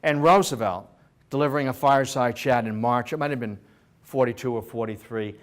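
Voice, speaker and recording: A man giving a history lecture to a senior center audience, telling stories in an animated way with joking asides and frequent restarts. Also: mid-range voice, brisk.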